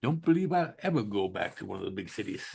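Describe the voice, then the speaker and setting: A man in a casual chat with a relaxed, profane way of talking. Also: on the low side, quick pace, creaky, breathy edge.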